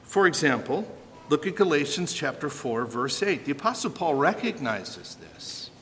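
A man preaching with a high, bright voice that rises and falls with energy. He keeps asking his listeners questions and answering them himself. His voice carries a long hall reverb. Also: moderate pace, a little hiss or hum. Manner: animated, asks the audience rhetorical questions. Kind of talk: sermon.

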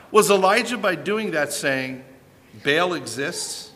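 Man, preacher, sermon, bright voice, animated rhetorical questions, echoey hall. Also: fairly high pitch, takes it slowly.

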